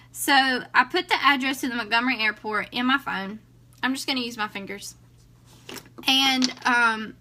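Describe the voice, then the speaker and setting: Bright, chatty Southern woman vlogger. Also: sits high. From South Carolina. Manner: chatty, animated, dramatic retelling. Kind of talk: casual storytelling vlog.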